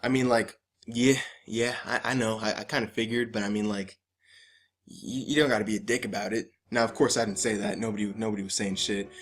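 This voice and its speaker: A man's voice: fairly low pitch, fairly even intonation, brisk. A young man telling a personal story in casual vlog style, often stammering and repeating himself, swearing freely and laughing as he goes. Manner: stammering, profane, laughing asides. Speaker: vlogger.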